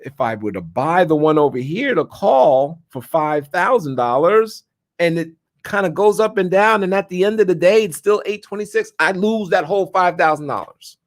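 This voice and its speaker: A man giving a casual, conversational live-stream lesson on trading options. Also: normal speed. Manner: conversational, chatty, lots of "right?" and restarts, animated pitch. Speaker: stock options trader and streamer.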